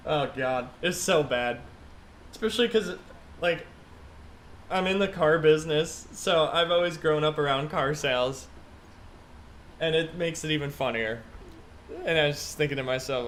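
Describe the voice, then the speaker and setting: A man's voice: a little high, normal speed, long pauses, a bit bright, a little hiss or hum. A man live-streaming a flight simulator, chatting casually and thinking aloud as he works through checklists.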